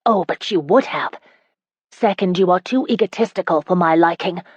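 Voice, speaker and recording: In an audiobook, a woman narrator takes on the voice of a spirited, indignant young woman, delivering the lines sharply and with emphasis, pitched higher and louder than her narration. Her pace is moderate, her tone has a breathy edge, and there is no echo.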